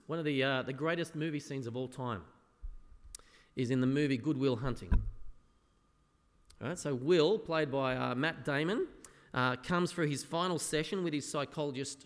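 A man preaching an earnest sermon as a pastor, often dropping to a soft, quiet voice. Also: medium pitch, expressive, normal speed. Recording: echoey hall with long reverb.

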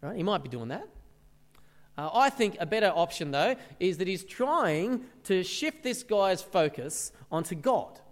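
Pastor with an animated high voice. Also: male voice, unhurried, in a large hall. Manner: conversational, with rhetorical questions. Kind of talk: sermon. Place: church service.

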